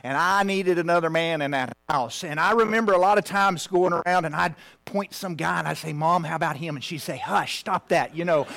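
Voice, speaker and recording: A man in his fifties preaching a heartfelt personal story, at times dropping to a hushed near-whisper. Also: a little high, fairly quick, vocal fry, hardly any pauses. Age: 50s.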